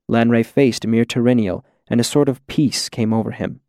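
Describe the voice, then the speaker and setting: A man narrating a fantasy story as an audiobook, in a measured, even storytelling manner. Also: mid-range voice, dry recording, studio quality.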